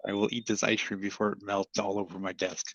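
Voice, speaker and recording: Gravelly low-voiced man coach. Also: little pitch movement, quick pace, fairly bright tone, dry recording. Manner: easygoing, rambling with many fillers. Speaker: taekwondo coach. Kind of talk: casual interview answers. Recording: dull lo-fi call audio.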